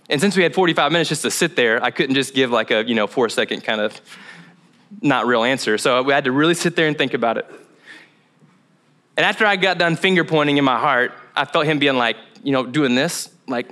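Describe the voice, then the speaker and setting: A man's voice: a little high, expressive, brisk, pushed and bright. A young man preaching as a pastor, telling a funny, self-mocking story from his week, acting out his own inner dialogue with laughs along the way. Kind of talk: sermon. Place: church.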